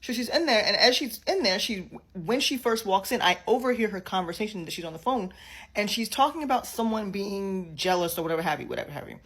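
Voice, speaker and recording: Brief: mid-pitched woman, casual storytime voice, chatty and repetitive for emphasis. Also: lively intonation, fast talker, a bit bright, breathy edge. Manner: chatty, repeats phrases for emphasis. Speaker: storyteller in a clip.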